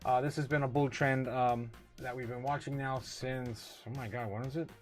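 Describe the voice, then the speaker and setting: A man hosting a casual livestream, reading viewer comments aloud, laughing often and getting excited, full of drawn-out fillers. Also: medium pitch, soft background music. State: tipsy, recovering from a night of drinking. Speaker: livestream host.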